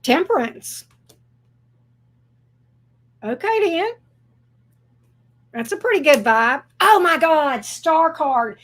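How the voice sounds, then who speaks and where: A woman hosting a casual tarot reading, chatty and easily excited, with the odd swear word thrown in. Her voice sits high, and she talks at an unhurried pace. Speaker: tarot reader.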